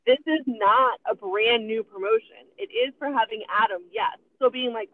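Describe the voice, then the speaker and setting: A woman's voice: fairly high pitch, moderate pace, few pauses. A woman talking over the phone on a podcast, explaining things at length. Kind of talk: casual podcast chat. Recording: tinny phone line.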